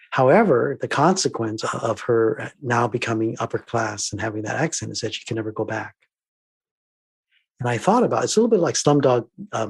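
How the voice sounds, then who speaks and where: A man's voice: mid-range voice, vocal fry, husky. A man, a diversity trainer, telling stories thoughtfully in an interview and acting out exchanges from his workshops. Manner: thoughtful, acts out dialogue, shifts between soft and emphatic. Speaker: diversity trainer and filmmaker, guest. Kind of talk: reflective storytelling interview.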